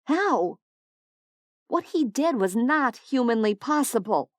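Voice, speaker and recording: A woman voicing a frightened, defiant young woman who shouts in panic and disbelief. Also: a little high, big pitch swings, slow, no echo, clean studio sound, voice pushed up. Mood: disbelieving.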